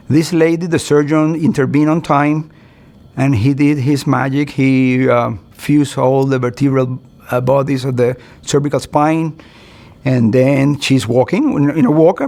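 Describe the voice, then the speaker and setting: A man's voice: mid-range voice, vocal fry, a little mellow. A middle-aged man, a physician, giving a recorded continuing-education lecture in an earnest, conversational way. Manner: earnest, conversational, acts out doctor-patient exchanges.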